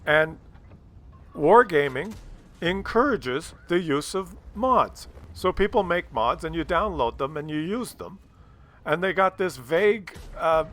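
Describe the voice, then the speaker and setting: A man with a fairly high, somewhat bright voice narrates gameplay video in a casual way. His commentary is an exasperated rant full of fillers.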